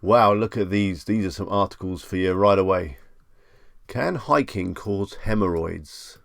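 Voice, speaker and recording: A man's voice: deep voice, unhurried, creaky, no echo, clean studio sound. A man hosting a live stream in a casual, chatty way, reading questions aloud and musing on each one. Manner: chatty, reads questions aloud and muses on them.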